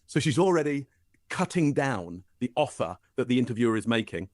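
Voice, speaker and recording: A British man picks apart body language in measured, analytical commentary. His voice sits at a middle pitch and sounds dry and close, with no room around it. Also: big pitch swings, dry recording. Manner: measured, hesitant with fillers.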